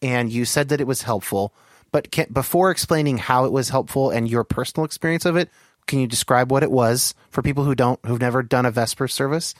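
A man's voice: medium pitch, brisk, no room sound. Guy hosting a podcast chat, kinda careful and rambly, dry close sound. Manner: thoughtful, qualifying, frequent fillers. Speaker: podcast host. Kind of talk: casual conversation.

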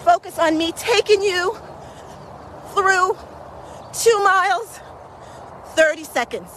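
Very high-voiced woman coaching a brisk walk. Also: a bit bright, a little hiss or hum, low-quality recording. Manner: encouraging, repetitive coaching cues. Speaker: walking pace coach. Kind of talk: motivational workout vlog while walking. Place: outdoors in a park.

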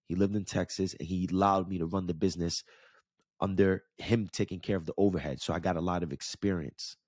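A man's voice: sits low, steady tone, a little fast, darkish tone, dry recording, studio quality. A man in his thirties with a New York area accent, telling a personal story in a candid, conversational way and checking in with the listener. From New York / New Jersey area. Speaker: podcast host and life coach. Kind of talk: casual storytelling monologue.

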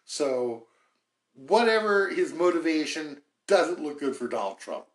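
A man's voice: on the high side, animated, unhurried. A man hosting a podcast, giving casual political commentary in a chatty, wry way, thinking aloud as he goes. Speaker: podcast host. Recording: roomy echo.

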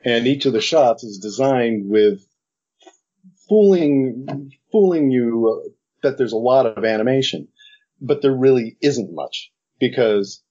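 A man's voice: medium pitch, a little mellow, breathy edge. A middle-aged man, an animation director, telling an interview anecdote and acting out both sides of old conversations. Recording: dull lo-fi recording.

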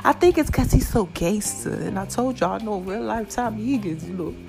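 A middle-aged woman hosting a casual podcast, animated and preachy, calling her listeners "babies" and "y'all". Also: medium pitch, normal speed, gravelly, soft background music. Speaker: podcast host. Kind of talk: casual encouraging podcast talk.

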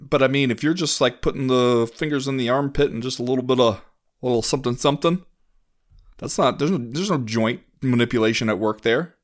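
A man's voice: medium pitch, a little fast. A man co-hosting a podcast in casual chat, rambling and sardonic, often acting out quotes. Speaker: podcast co-host.

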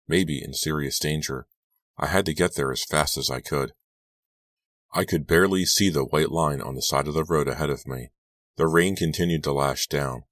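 Brief: man, extremely low voice, dry close mic, suspenseful horror audiobook read. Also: a bit bright, dry recording. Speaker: audiobook narrator. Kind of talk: scripted horror narration.

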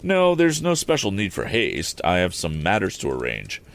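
A man doing a careful middle-aged inventor, earnest and a touch wary. The delivery is deep and moves through a wide range. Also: wildly swooping pitch, normal speed, gravelly, heavily acted. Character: worried middle-aged male inventor, cautious father.

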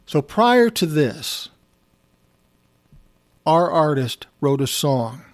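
Blunt storytelling man, slightly high voice. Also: big pitch swings, extremely slow. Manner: conversational, blunt, swears freely. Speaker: former music manager. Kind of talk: casual personal storytelling.

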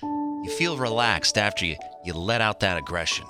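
A man co-hosting a morning radio show, teasing his partner with quick wisecracks. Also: on the low side, animated, over music. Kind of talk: casual radio banter.

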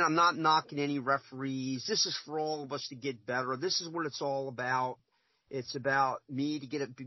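Emphatic husky man, podcast guest. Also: mid-range voice, no echo, lo-fi sound. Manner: emphatic, repeats himself, acts out quoted exchanges. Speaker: NBA scout and former referee. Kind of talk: podcast interview.

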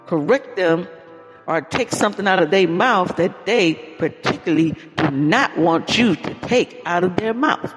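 A man preaching an informal podcast sermon in a folksy, exclaiming way, often calling out praise. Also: high-pitched. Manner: folksy, exclaims "Lord have mercy" and "Hallelujah". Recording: long reverb with faint music.

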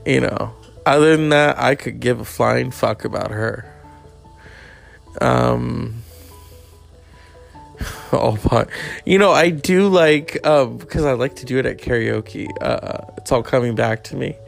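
Gravelly-voiced man rambling casually. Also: medium pitch, takes it slowly, long pauses, soft background music. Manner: profane, reads aloud from web pages.

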